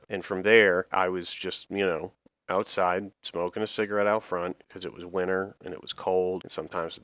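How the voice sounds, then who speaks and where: Deep-voiced, deadpan comic storyteller man. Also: no echo, clean studio sound. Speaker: storyteller and comedy host. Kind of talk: comedic storytelling monologue.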